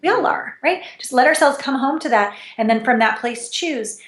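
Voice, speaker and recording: A fairly high-voiced woman speaking as a guest in a relaxed interview. She is animated and expressive, her pitch leaping up and down as she acts out little exchanges with a laugh in her voice. The sound is roomy and echoey. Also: moderate pace. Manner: animated, wide pitch swings, laughs while acting out dialogue. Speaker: intimacy coach, interview guest. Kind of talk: casual interview conversation. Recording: echoey room.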